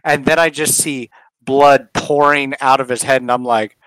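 A man co-hosting a podcast in casual banter, telling stories deadpan and swearing freely. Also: medium pitch, normal speed, clear, resonant tone, no echo, poor audio. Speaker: podcast co-host.

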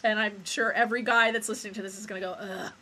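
Bright-voiced, foul-mouthed woman podcaster. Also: mid-range voice, steady tone, very fast. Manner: crude, frank and giggly. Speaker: podcast co-host. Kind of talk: casual chat.

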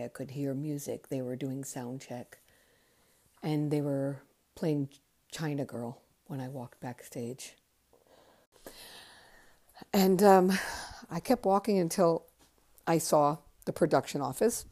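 A woman's voice: low-pitched, unhurried, pauses often. Chatty woman in her fifties telling a memoir. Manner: chatty, conversational, drifting softer at times. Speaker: podcast host. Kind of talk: casual memoir storytelling.

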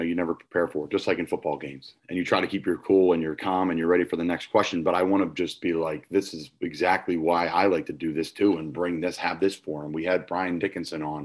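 Male host, very low voice, reflective and loose. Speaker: podcast host. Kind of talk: casual conversation.

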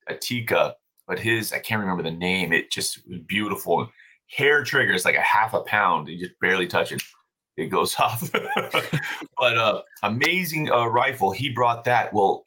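A man's voice: lowish voice, sharp tone. A man as a podcast guest, telling a story in a loose, profane, casual way and laughing often.

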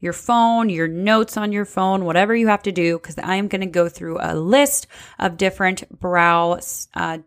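A woman's voice: fairly low pitch, steady tone, moderate pace. A woman hosting her own podcast as a brow technician, talking casually and chattily with many fillers. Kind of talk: casual solo podcast talk.

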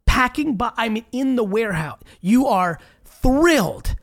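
Gravelly woman host, emphatic and eager. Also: a little high, animated, measured pace. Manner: emphatic, eager, repeats phrases for stress. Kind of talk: casual live interview chat.

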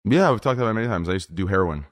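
A man's voice: on the low side, expressive, rapid-fire, dry recording, clean studio sound. A man hosting a casual group podcast over a wireless headset, brash and swearing, often repeating himself.

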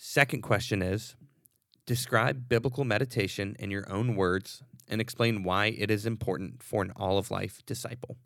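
A relaxed male podcast host who talks with easy, affirming fillers. His voice is low and gravelly with plenty of fry. It is recorded close and dry, with no room sound. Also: moderate pace, dry recording. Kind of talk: casual podcast talk.

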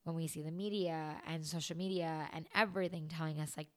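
A young woman, a new mother, talking candidly and from the heart in a personal vlog, slow and halting in places. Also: sits low, fairly even intonation. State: tearful.

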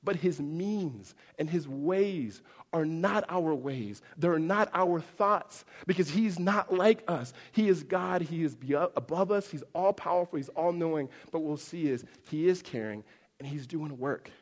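A man giving a sermon as pastor, animated and conversational, acting out quoted voices with big swings up and down. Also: fairly high pitch, a little slow, big-room sound.

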